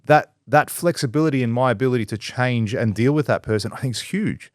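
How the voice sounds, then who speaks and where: Man, business-owner co-host, blunt and foul-mouthed, mid-pitch, dry close sound. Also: fairly quick, hardly any pauses, no echo. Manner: blunt and profane, acts out quoted people in lively voices. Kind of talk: casual podcast discussion.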